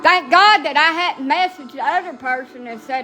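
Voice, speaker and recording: A woman's voice: sits high, moderate pace, music in the background. A middle-aged woman from Alabama with a Southern accent, chatting casually in a blunt, salty, profane way and laughing at herself. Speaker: vlogger. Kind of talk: casual rambling chat.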